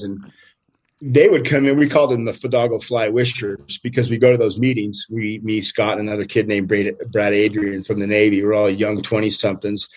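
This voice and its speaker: An older man, a fishing guide, telling a story with lively energy and acting out what people said. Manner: lively, acts out quotes with big pitch jumps, laughs often. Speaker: steelhead fishing guide, guest. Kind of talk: animated storytelling.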